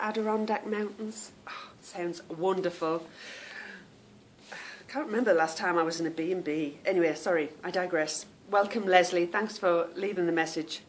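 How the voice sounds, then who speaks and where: A woman hosts her knitting podcast in a relaxed, chatty way, drifting into tangents and tripping over names she can't pronounce. Her voice sits at an everyday middle pitch, with a faint low rumble in the background. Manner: chatty and rambling, stumbles over unfamiliar names. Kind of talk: casual chat to viewers.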